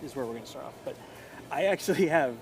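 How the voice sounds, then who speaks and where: A man's voice: medium pitch, animated, quick pace, darkish tone, a little hiss or hum. A man hosting a local morning show, chatty and jokey, with rambling restarts. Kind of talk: casual chat.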